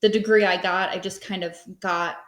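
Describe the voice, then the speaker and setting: Her voice on the low side and steady, this thirtysomething small business owner chats as a podcast guest, wandering through her story at a moderate pace and filling gaps with filler words. It's casual interview storytelling recorded in an echoey room.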